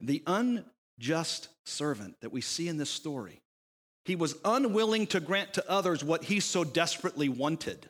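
A pastor with a somewhat high voice speaks at normal speed, preaching a sermon built around a parable. He tells it with animation, throwing in rhetorical questions and voicing the characters, as a hall's long reverb trails behind him.

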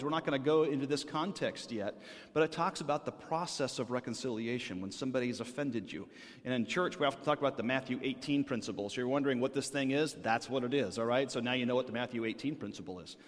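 Conversational male pastor in reverberant hall. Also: on the high side. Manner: conversational, checks in with the audience. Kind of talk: sermon.

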